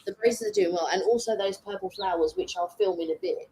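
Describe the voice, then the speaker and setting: A woman's voice: mid-range voice, very animated, a little fast, dark tone, a little hiss or hum, low-quality recording. A woman co-hosting a live stream from her garden, rambling casually with lots of fillers. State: recovering lost voice. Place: outdoors in a garden. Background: birdsong.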